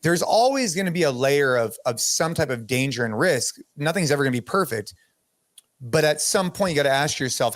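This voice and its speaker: A middle-aged man hosting a podcast, telling a story in a casual, animated way, with lots of "dude" and "like". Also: medium pitch, brisk, no echo. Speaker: podcast host.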